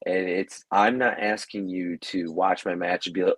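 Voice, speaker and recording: A man's voice: sits low, fairly quick, dry recording, poor audio. A man, a professional wrestler, talking casually as a podcast guest, rambling with lots of fillers and restarts. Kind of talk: casual interview talk.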